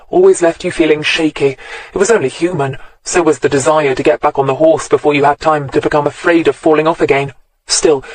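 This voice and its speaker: Measured male audiobook narrator, dry sound. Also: on the high side, no room sound, low-quality recording. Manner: steady, measured storytelling. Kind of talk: scripted crime novel narration.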